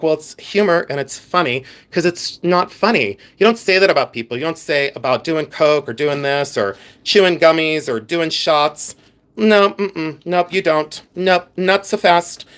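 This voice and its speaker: A man's voice: fairly high pitch, normal speed, fairly bright tone. A man with a Pennsylvania Dutch accent hosting a casual livestream, chatting and reading viewer comments aloud with rambling asides. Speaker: livestream host.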